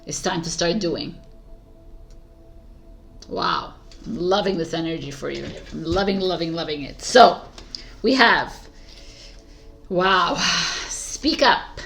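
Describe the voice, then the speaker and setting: A woman's voice: medium pitch, creaky, fairly bright tone. A woman giving a casual tarot reading, eager and emphatic, repeating words for stress and swearing offhandedly. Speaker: tarot reader.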